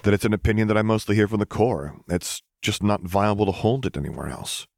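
A man voicing Luke, an earnest, flustered teenage boy who looks after a group of clones, with a hurried, protective manner. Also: on the low side, vocal fry, darkish tone, dry recording, studio quality. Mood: explaining. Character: earnest teen male clone caretaker, flustered.

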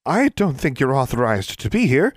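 A man's voice: mid-range voice, very animated, normal speed, no echo, studio quality, voice pushed up. A man voicing a brash, ruthless young witch who speaks curtly and sardonically. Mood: cool. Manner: curt, sardonic.

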